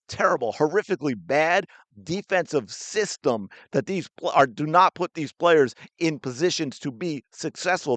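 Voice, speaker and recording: A man's voice: fairly high pitch, no room sound. A man hosting a sports podcast, ranting with indignant, sarcastic commentary while reacting to a clip.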